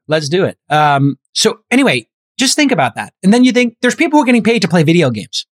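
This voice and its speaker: A man's voice: sits high, sing-song, fast, no echo. A middle-aged man hosting a podcast, chatting casually and thinking aloud with plenty of fillers. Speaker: podcast host.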